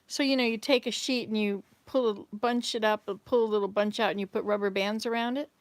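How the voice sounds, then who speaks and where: A woman's voice: medium pitch, steady tone, brisk, no room sound. An older woman hosting a casual livestream, rambling through memories and answering viewers' comments as she goes. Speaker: livestream host reading chat. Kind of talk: casual live chat. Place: home, in Canada.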